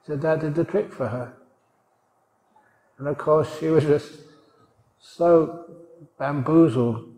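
A man's voice: medium pitch, darkish tone. A man giving a humorous sermon as a monk teacher, joking, chuckling and asking his audience questions. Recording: roomy hall reverb.

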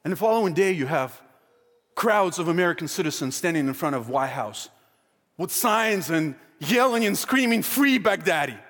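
Man, preacher, sermon, high voice, emphatic, reverberant hall. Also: moderate pace. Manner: emphatic, animated, acts out quoted crowd and Pilate.

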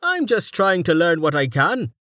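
A man voicing an excitable, absent-minded young scholar who speaks in high, eager bursts. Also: normal speed, dry recording, studio quality, exaggerated voice. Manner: high, eager, distracted exclamations.

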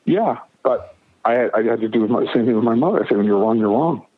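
Speaking fairly quickly at a medium pitch, a man recounts a personal story as a guest in an interview, his voice expressive. He's emphatic and keeps repeating or restarting phrases. The recording has a narrow, phone-like radio quality.

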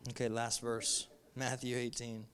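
A man's voice: mid-range voice, little pitch movement, a little slow, fairly bright tone, slight background noise. A male pastor giving a sermon to a congregation, talking in an emphatic, repetitive, conversational way. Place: in front of a congregation.

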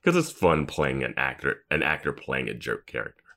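A man with an extremely deep voice chats casually as a podcast co-host. He is relaxed and agreeable, dropping in plenty of easy affirmations. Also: a little fast. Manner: relaxed, agreeable, frequent "yeah". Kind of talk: casual chat.

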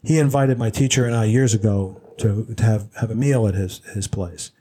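A man's voice: lowish voice, normal speed, husky. A man co-hosting a casual chat show, telling a long anecdote with restarts and laughs. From Pennsylvania. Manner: rambling, animated storyteller with restarts and laughs. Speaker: podcast co-host.

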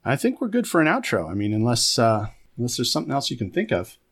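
A man's voice: mid-range voice, wildly swooping pitch, quick pace, husky. Rambling, chatty podcast co-host man. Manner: rambling, chatty, with many fillers and restarts. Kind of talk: casual chat.

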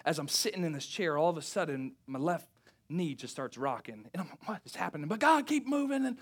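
A young adult man preaching a sermon, telling a personal story, acting out family dialogue with lively swings and dropping to quiet, intense tones at reflective moments. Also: brisk. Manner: animated, acts out family dialogue with big pitch swings. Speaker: pastor.

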